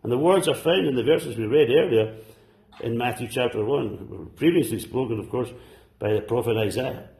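A man preaching a sermon to a congregation, fervent and exclaiming, dropping at times to soft, low asides. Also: lively intonation, moderate pace, gravelly, reverberant. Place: church service.

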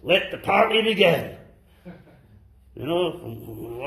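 A man preaching a sermon to a congregation, fervent and exclaiming, dropping at times to soft, low asides. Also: very animated, slow, gravelly, reverberant. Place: church service.

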